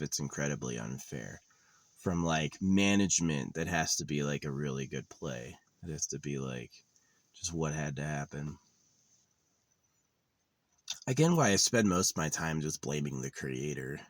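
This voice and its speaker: A young man with a very deep voice rambles through a cynical, profane monologue. He swears freely and jumps from one grievance to the next. It's a vlog recorded outdoors, with a dry sound and no room echo. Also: lively intonation, normal speed. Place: outdoors in a wooded area.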